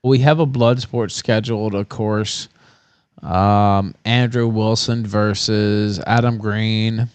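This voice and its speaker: A man's voice: on the low side, fairly even intonation, takes it slowly, smooth, no echo. A stressed livestream host, a man, ranting angrily and combatively with heavy swearing. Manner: combative, swears heavily, yells. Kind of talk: angry profane rant.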